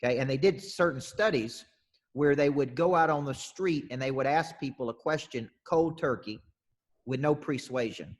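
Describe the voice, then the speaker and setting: Speaking at a medium pitch and moderate pace, a man coaches and hosts a sales panel, talking loosely and steering the questions. His voice is husky, with long reverb on the recording.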